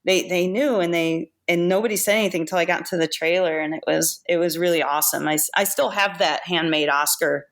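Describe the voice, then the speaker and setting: A woman being interviewed on a podcast about her makeup effects career, telling animated anecdotes with laughs and restarts. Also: fairly low pitch, brisk, few pauses. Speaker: guest makeup effects artist. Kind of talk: casual storytelling interview.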